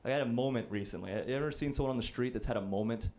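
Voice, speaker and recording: A man's voice: mid-range voice, very fast, a little mellow. Self-deprecating young male stand-up comic. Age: 20s. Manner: self-deprecating, rambling storytelling. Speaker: stand-up comedian. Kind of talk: stand-up comedy set.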